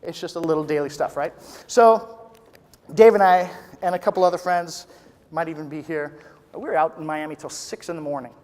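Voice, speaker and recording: A man giving an energetic, joking motivational talk at a live business seminar, rallying the audience into chants. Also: fairly high pitch, normal speed. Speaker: motivational speaker at a business event. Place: large conference room with live audience. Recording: reverberant hall with crowd. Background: audience responses and applause.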